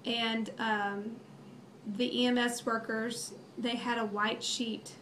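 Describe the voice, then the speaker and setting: A woman in her thirties tells a family story in a rambling, emotional way, full of fillers and restarts. Her voice sits a little high. Faint background hiss runs under the recording. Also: level tone, slow pace, fairly bright tone. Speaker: mother telling a family story. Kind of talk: casual storytelling.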